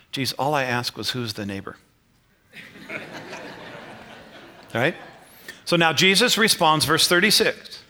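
A man preaching a sermon as pastor in a church, animated, swinging between loud and quiet, with frequent chuckles. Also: fairly high pitch.

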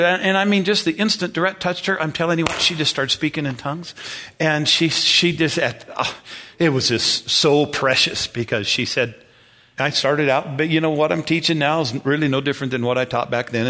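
A pastor preaching a sermon in a church, telling stories in a relaxed, conversational way and chuckling often. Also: male voice, a little high.

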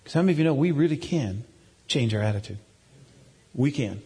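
Husky-voiced pastor in an echoing hall. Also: male voice, mid-range voice, lively intonation, normal speed, mellow. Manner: folksy storytelling. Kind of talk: sermon. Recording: long hall reverb.

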